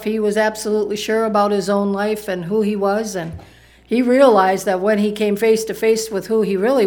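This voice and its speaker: A woman preaching a sermon in a conversational way, often asking the congregation questions. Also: mid-range voice.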